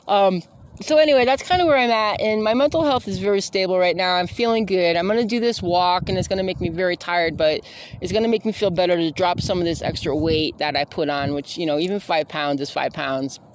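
A woman's voice: on the low side, a little fast, a little hiss or hum. A woman hosting her own podcast, talking casually while out on a walk, rambling with many fillers and self-corrections. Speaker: podcast host. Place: outdoors on a walk.

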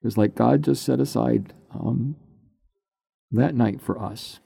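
An older man, a pastor, telling his personal testimony in an unhurried, halting way that turns emotional at times. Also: medium pitch, vocal fry, warm tone, slightly rough, dry recording, clean studio sound. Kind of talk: personal testimony, conversational storytelling.

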